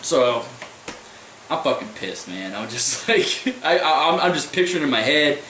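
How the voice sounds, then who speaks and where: Casual young male vlogger, rambling and profane, mid-pitched, echoey distant room sound. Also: sing-song, normal speed, bright, forceful tone. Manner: rambling, profane, repeats "I was like" a lot. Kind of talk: casual storytelling vlog. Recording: echoey room, mic at a distance, faint noise.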